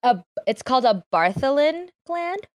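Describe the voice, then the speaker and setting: Woman comedian, energetic, loud, profane, dry close sound. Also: high voice, no room sound. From Filipino heritage. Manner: energetic, fast-talking, swears freely. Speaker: comedian guest. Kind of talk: casual chat. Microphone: phone.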